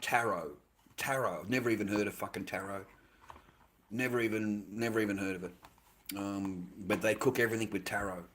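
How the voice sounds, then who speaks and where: A man's voice: on the low side, fairly even intonation, a little fast, slight background noise. An Australian man livestreaming, rambling in casual chat, swearing constantly and ending his lines with "mate".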